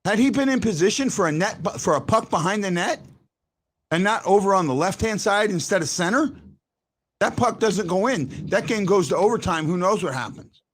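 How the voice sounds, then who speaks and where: Male fan-show host, high and lively voice, animated delivery with repeated false starts. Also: fairly quick, a little hiss or hum. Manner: animated, repeats words when starting a point. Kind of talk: casual sports chat.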